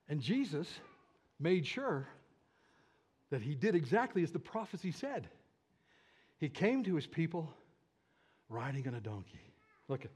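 A man preaching a sermon in a church, animated and leading the congregation in shouting together. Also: mid-range voice, husky. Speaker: pastor.

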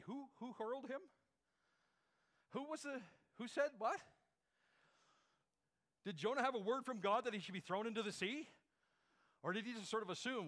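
A man preaching a sermon, leading the congregation in call-and-response and swinging between hushed phrases and emphatic questions. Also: very high-pitched, normal speed, pauses often. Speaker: pastor.

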